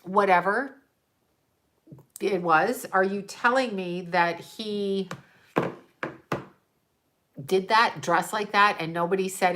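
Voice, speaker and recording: A woman's voice: medium pitch, slow, long pauses, fairly bright tone. A woman livestreaming a rambling casual monologue to her viewers, exasperated and profane, trailing off into rhetorical questions and laughing in disbelief. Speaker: livestream host talking to viewers.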